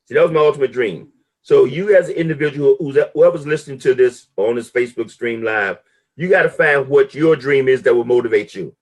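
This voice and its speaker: Husky man with emphatic motivational delivery. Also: fairly quick. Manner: emphatic preacher-like delivery with big pitch swings. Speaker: guest speaker. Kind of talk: motivational talk. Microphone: live stream call audio.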